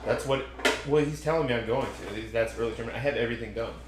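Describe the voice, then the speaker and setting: Young dude rambling through a story on a podcast, cussing a lot, echoey room. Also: male voice, mid-range voice, very fast, very noisy. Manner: rambling storyteller, swears a lot, acts out quotes. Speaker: podcast host. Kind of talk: casual chat. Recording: roomy echo.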